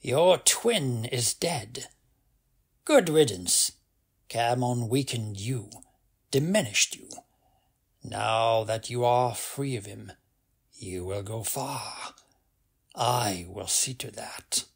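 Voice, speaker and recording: A man voicing a sneering, evil undead old male archmage in an audiobook reading, with a gravelly, husky voice and a coldly dismissive manner. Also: lowish voice, slow, pauses often, heavily acted.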